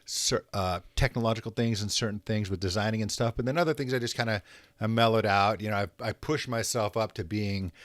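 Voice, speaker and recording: A man hosting a podcast, who asks questions and talks in a relaxed, rambling way. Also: on the low side, brisk, no echo, clean studio sound. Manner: relaxed, rambling, loose phrasing. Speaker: podcast host. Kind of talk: casual interview chat.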